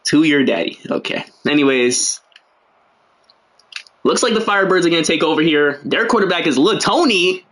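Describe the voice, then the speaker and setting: Young guy streaming and calling the game, kinda high voice, jokes around a lot, slangy. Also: animated, moderate pace, a bit bright. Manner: joking, rambling, slangy asides. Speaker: game commentator. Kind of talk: casual livestream play-by-play commentary.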